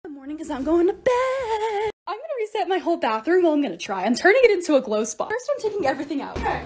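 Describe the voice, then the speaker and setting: A bubbly woman talks through her DIY and restock clips with quick, excitable energy. Her voice sits high and swings widely in pitch, and she pokes fun at herself along the way. A faint noise stays under the voice. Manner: bubbly, excitable, self-mocking. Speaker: lifestyle creator. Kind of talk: voice-over for short DIY and restock videos.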